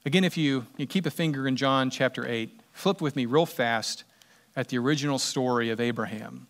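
A middle-aged man preaching a sermon as pastor, animated and acting out quoted voices with sudden loud jumps. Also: mid-range voice, fairly quick.

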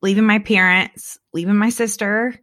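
A woman hosting a podcast, telling stories in a rambling, animated way and acting out what people said. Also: medium pitch, normal speed. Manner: rambling, animated storyteller who acts out quotes. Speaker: podcast host. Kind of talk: casual chat.

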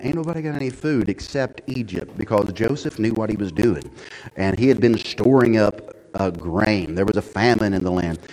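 A man delivers a sermon in church, his voice at an everyday middle pitch. He talks in a folksy, chatty way, then swells into loud, emphatic preaching. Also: low-quality recording. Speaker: pastor.

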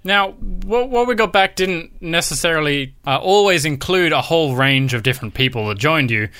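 A man's voice: a little high, animated, normal speed, sharp tone, clear, resonant tone, no echo. A man co-hosting a podcast, teasing his co-host with dry jokes in casual banter.

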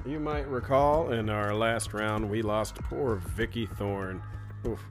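A man's voice: fairly low pitch, takes it slowly, soft background music. A man co-hosting a podcast, chatting casually and reading out rhymed verses in a playful, sing-song way. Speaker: podcast co-host.

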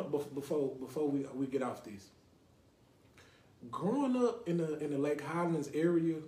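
A man's voice: medium pitch, darkish tone. A young adult man from Dallas, Texas, hosting a casual podcast and rambling, often asking "you know what I mean". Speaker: podcast host. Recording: roomy echo.

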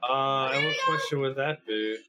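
A woman's voice: very deep voice, moderate pace, bright, forceful tone, soft background music. A woman playing a tabletop game, asking dry, teasing questions in character. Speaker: player. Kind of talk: casual tabletop play.

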